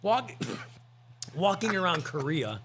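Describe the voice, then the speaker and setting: A man's voice: high-pitched, very animated, slow, noisy background. A man co-hosting a podcast, telling rambling, joking stories in casual chat. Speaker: podcast co-host.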